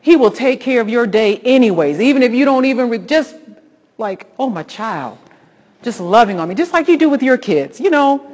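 A woman hosting a Christian devotional talk, preaching fervently and rising into excited exhortation. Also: fairly high pitch, moderate pace, long reverb tail, highs cut off. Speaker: host.

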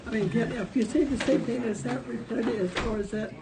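A woman's voice: a little high, fairly quick, very noisy. A woman in a casual Bible study group asking questions and seeking reassurance. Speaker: class member.

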